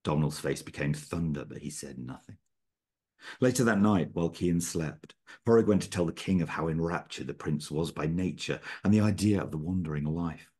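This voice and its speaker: A man, an author, reading his own fiction aloud over a video call, with a measured, steady storytelling delivery. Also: a bass voice, breathy edge.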